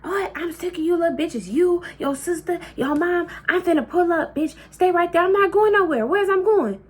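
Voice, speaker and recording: A woman's voice: very high-pitched, normal speed, pitched above the performer's own voice. A woman voicing a furious aunt who curses and threatens over the phone in a raised, challenging voice. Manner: loud, profane, challenging.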